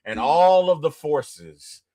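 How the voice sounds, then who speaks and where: A middle-aged man hosting a casual interview, retelling movie scenes with a lot of excitement. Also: fairly high pitch, takes it slowly, no room sound. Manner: animated, storytelling, gets excited and loud retelling movie scenes. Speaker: interview host.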